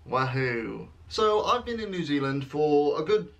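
Young British male vlogger, twenties, bright forceful tone, playful and self-mocking with mock-dramatic pauses. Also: on the high side, big pitch swings, vocal fry. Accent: British English. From England. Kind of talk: casual vlog, reading quiz questions aloud.

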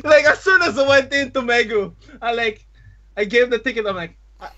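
A high, bright man's voice tumbling excitedly through a story, laughing and peppering every phrase with "like". The audio is dull and lo-fi. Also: brisk. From Canada. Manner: excitable storyteller, laughs often, says "like" constantly. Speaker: podcast co-host. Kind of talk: casual chat.

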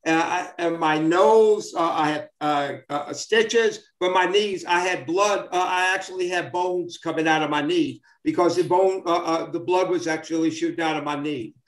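Speaking at a moderate pace with few pauses, a man in his seventies, a former ballplayer appearing as a guest, spins casual yarns about old games. His voice sits on the high side, and his rambling is peppered with fillers and restarts, all captured with a roomy echo.

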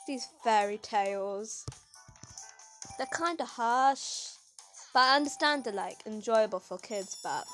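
A woman with a high, very animated voice talks casually over gameplay. She rambles through stories, full of fillers and sudden exclaims. Soft game music plays underneath. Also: measured pace, low-quality recording. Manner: rambling storytelling with many "like"s; expressive, swings to exclaims. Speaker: gaming channel host.

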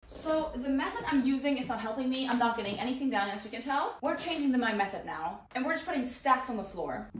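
A woman's voice: a little high, noisy background. Young female booktuber, upbeat and chatty, recorded far off in a bedroom. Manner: chatty, swears casually. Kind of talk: casual vlog chat while tidying. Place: her bedroom. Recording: echoey room, mic far off.

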